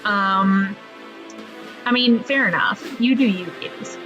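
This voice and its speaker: A chatty woman talks through her gameplay, joking and laughing as she goes. Her voice sits at a middle pitch. The recording is a little dull and lo-fi, with faint game music behind her. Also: slow. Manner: chatty, laughs often, jokes about the game. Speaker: let's play gamer. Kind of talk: casual gameplay commentary. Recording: slightly muffled lo-fi audio.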